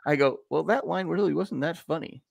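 A man in his sixties, a podcast co-host telling a long story in casual chat, animated and acting out the voices of the people in it. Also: fairly high pitch, brisk, gravelly, no echo, clean studio sound. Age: 60s.

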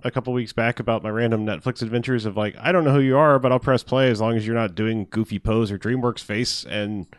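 Laughing, rambling man with a lowish voice. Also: fairly quick, hardly any pauses, no echo, studio quality. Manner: rambling, animated, laughs often, restarts. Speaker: podcast host. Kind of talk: casual movie review chat.

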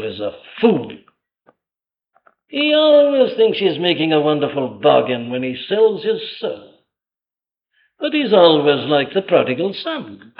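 A man preaching a sermon with emphatic delivery, rhetorical questions and vivid retelling of stories. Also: on the high side. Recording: dull lo-fi old sermon tape.

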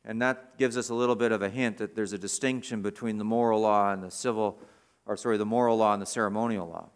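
A man's voice: fairly low pitch, steady tone, quick pace, clean tone. A man preaching an expository sermon, reading scripture aloud with stressed words and repeating his key phrases for emphasis.

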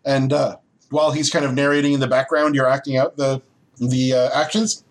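A man's voice: mid-range voice, a little fast, slight background noise. A man co-hosting a casual podcast, retelling a video game quest with lots of fillers and laughs. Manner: animated storytelling with laughs and fillers. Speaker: podcast co-host. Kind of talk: casual chat about video games.

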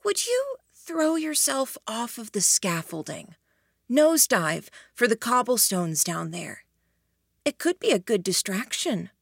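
A woman voicing a curt, bossy young woman who talks in a breathy whisper, as whispered role-play in an audiobook. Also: a little high, sing-song, a little slow, no echo, clean studio sound, voice pushed up, full character voice.

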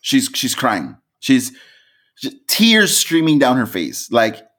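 Animated, swearing male podcast host. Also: takes it slowly. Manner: animated storyteller, swears freely, jumps to high laughing peaks. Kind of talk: casual podcast chat.

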